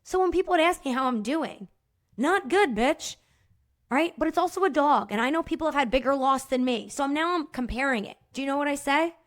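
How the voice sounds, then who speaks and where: A woman's voice: sits high, expressive, fast, hardly any pauses. A woman hosting a solo podcast, talking frankly and casually, swearing now and then and often checking in with "right?". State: choked up at times. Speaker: podcast host.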